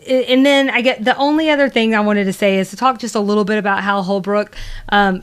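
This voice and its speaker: A woman's voice: medium pitch, smooth. A woman with a Southern US accent co-hosting a casual podcast chat, rambling with lots of fillers and laughs. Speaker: podcast co-host.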